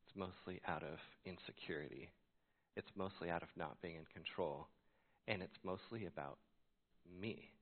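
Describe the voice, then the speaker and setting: A man's voice: deep voice, moderate pace. A man preaching a sermon as a pastor, telling a story and acting out his own reactions. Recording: tinny phone-like sound.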